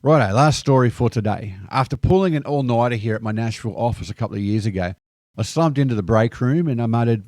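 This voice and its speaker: A man's voice: mid-range voice, a little fast, no room sound, clean studio sound. Australian man telling anecdotes. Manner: lively anecdotal delivery sprinkled with slang. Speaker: video host. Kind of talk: scripted storytelling monologue.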